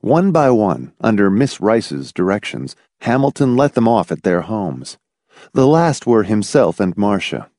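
Expressive male audiobook narrator. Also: lowish voice, no room sound, clean studio sound. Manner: expressive storyteller, voicing several characters. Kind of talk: scripted narration.

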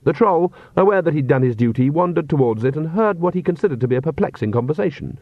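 A man narrating a comic fantasy audiobook in measured, dry storytelling. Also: fairly high pitch, lively intonation, no room sound. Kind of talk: scripted narration. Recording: dull, dry audiobook recording.

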